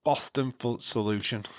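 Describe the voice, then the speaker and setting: A man hosting a live watch-along stream, chatting casually, laughing and making puns. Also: mid-range voice. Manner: chatty and jokey, laughing at his own puns. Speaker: livestream host.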